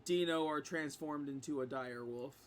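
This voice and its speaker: A man's voice: fairly high pitch, moderate pace. A man narrating as game master of a tabletop game, rambling through vivid descriptions with lots of restarts.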